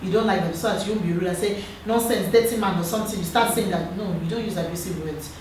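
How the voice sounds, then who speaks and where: A woman in her thirties with a Nigerian accent, chatting earnestly as a guest and giving advice in a lively, storytelling way. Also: lowish voice, very fast. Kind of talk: casual chat. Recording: roomy echo, far from the mic, background noise.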